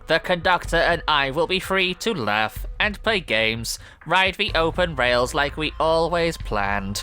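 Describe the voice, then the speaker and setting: Man putting on a slow, menacing villainous train. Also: a little high, animated, sharp tone, soft background music. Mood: gloating. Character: sinister talking train, male, cold and scheming.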